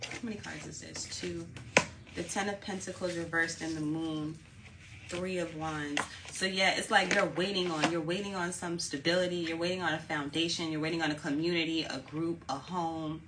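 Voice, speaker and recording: A woman's voice: deep voice, steady tone, moderate pace, very noisy. A woman giving a casual tarot reading, talking candidly, swearing now and then and repeating her phrases. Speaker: tarot reader.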